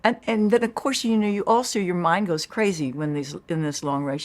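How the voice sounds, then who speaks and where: An older woman as an interview guest, telling her own story in a lively way and acting out the voices she quotes. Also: fairly low pitch, a little fast, few pauses.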